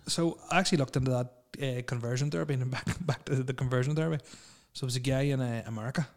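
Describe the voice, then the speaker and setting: A man's voice: mid-range voice, racing. A young man, co-hosting a casual chat with rambling, crude and laughing banter. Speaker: podcast co-host.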